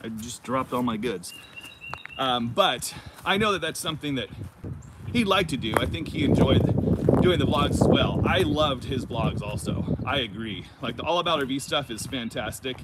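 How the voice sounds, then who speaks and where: A man's voice: medium pitch, lively intonation, moderate pace, heavy background noise. A middle-aged man hosting a casual live stream, rambling and teasing himself as he reads viewer comments aloud. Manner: chatty and self-teasing, rambling asides.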